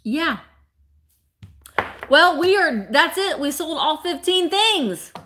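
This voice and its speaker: Chatty, lively woman hosting a live sale. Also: high-pitched, slow, slight background noise. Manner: chatty, playful, laughs often, talks to viewers by name. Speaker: live-sale host selling vintage items. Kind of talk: casual live-stream auction chat.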